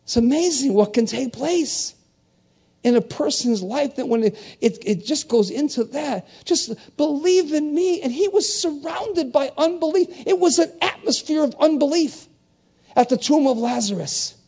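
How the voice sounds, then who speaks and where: An older male preacher with a fairly high voice who preaches in animated call-and-response. He leaps between soaring, loud cries and low, hushed storytelling, often pushing the room for answers. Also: normal speed, gravelly. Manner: animated call-and-response preaching with wide swings in pitch and volume. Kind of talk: sermon.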